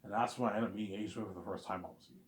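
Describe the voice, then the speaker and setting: A man's voice: lowish voice, fairly even intonation, rapid-fire. A man telling a long story casually, rambling, stammering and repeating filler tags.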